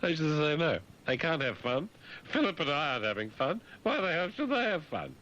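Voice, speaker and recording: A haughty elderly queen, scolding and coy, as a man puts her on in a lifted falsetto. Her voice leaps high and swoops about in a comic radio sketch. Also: very animated, fairly quick, a bit bright, highs cut off. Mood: prim scolding.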